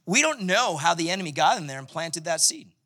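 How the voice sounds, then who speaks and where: A man preaching a sermon in a conversational, animated way, acting out the scripture as he goes. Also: fairly high pitch, a little fast. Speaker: pastor.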